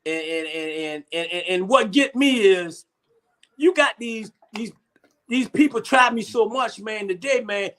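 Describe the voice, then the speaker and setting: A man's voice: sits high, a little slow, a bit bright. A man hosting a casual comedy chat, rambling and repeating himself with frequent laughs. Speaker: host.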